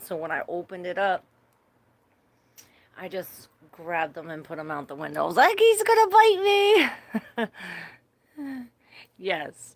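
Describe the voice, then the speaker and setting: Low gravelly-voiced woman tarot reader. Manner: chatty, swears freely, laughs often. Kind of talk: casual live tarot reading.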